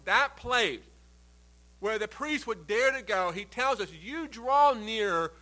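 A man preaching a sermon, stressing words emphatically and letting phrase endings fall quiet. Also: high voice, rough recording.

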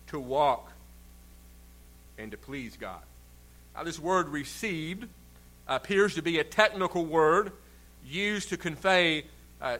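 A man's voice: a little high, bright, forceful tone. A man preaching a sermon in an earnest, emphatic way, stretching out key words for stress. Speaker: pastor.

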